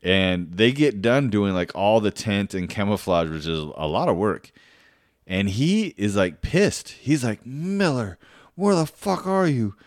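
Laid-back rambling male podcaster, low voice. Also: very animated, measured pace, no echo, studio quality. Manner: rambling, many fillers and restarts. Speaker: podcast host. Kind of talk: casual storytelling monologue.

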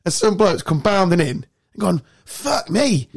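A man with a fairly high voice, chatting casually as a podcast host. He swears freely and tells his stories with a lot of energy. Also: normal speed, gravelly. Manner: swearing, animated storytelling. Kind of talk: casual chat.

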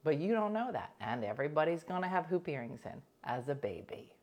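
A middle-aged woman hosting a radio show, chatting casually and telling animated stories. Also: low voice, brisk. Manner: animated storytelling, imitates voices in anecdotes. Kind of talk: casual chat.

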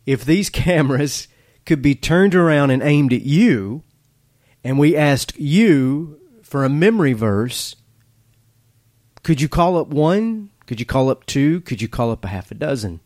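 A man preaching a sermon as pastor, telling stories, asking the listener questions and pausing for effect. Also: fairly high pitch, lively intonation, darkish tone, no echo, studio quality. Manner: storytelling with dramatic pauses and rhetorical questions. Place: church, filmed for online streaming. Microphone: camera setup.

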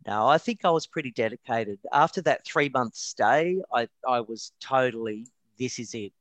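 An Australian man, a retired wedding photographer, telling lively stories in an interview with frequent repeated words. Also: medium pitch, dry recording. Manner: animated, lively anecdotes with stammered repeats. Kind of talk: casual storytelling.

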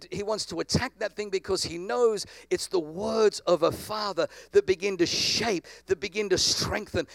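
A man's voice: high-pitched, creaky, no echo. A man preaching a sermon to a congregation, calling out for responses from the crowd. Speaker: pastor.

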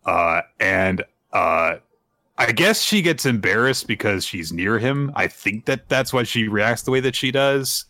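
A man's voice: fairly low pitch, measured pace. A man on a casual podcast, retelling a manga chapter and acting out the characters' lines with lots of fillers. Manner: animated storytelling, acts out character quotes, many "uh"s. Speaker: podcast co-host recapping manga.

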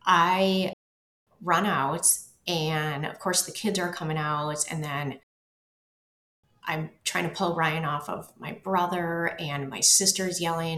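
A woman telling her own story as an interview guest, halting and repeating words as she goes. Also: low-pitched, steady tone, a bit bright. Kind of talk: personal storytelling. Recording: roomy echo.

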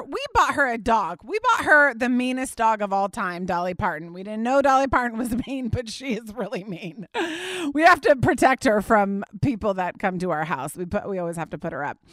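A woman, hosting a podcast and telling a story in a chatty, animated way with frequent laughs. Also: on the high side, dry recording, studio quality. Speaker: podcast host. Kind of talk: casual storytelling monologue. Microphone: studio mic.

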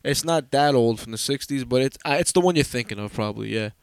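A man's voice: mid-range voice, fast talker, vocal fry, clean tone, no room sound. Blunt, slangy male podcast co-host. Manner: blunt, slangy, profane, talks in bursts. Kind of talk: casual podcast chat.

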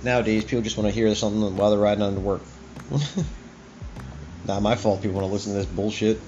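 A man's voice: lowish voice, level tone, quick pace, a little mellow. A man hosting his own talk show, ranting in a heated, profane, rambling way. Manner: profane, heated and rambling, with many "you know what I mean"s. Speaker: host. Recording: dull lo-fi recording with faint music.

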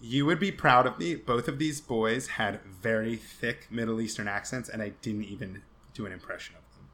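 A man co-hosting a casual podcast, telling a story in an animated way, acting out the quotes and laughing often. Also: mid-range voice, moderate pace, a little hiss or hum. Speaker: podcast co-host.

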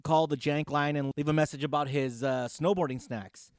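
Male podcast host, casual banter, crude humor, slightly high voice, dry. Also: fairly even intonation, moderate pace, smooth, dry recording. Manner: joking, crude.

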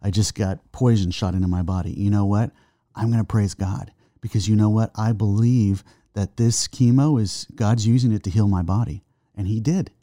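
A middle-aged man giving an earnest faith testimony in conversation, halting and restarting, reciting verses slowly. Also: fairly low pitch, warm tone, dry recording, clean studio sound. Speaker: guest, son of the host.

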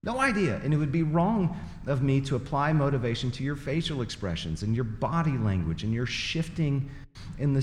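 A man's voice: mid-range voice, a little mellow. A male pastor delivering a sermon to his church, speaking conversationally with dry, self-deprecating humor. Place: church sanctuary. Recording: echoey church hall.

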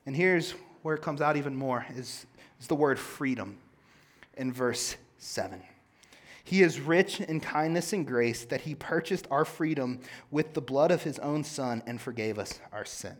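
A young man preaching a sermon in a casual, conversational way, full of filler words, swinging between loud emphasis and quiet, low asides. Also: a little slow. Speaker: pastor.

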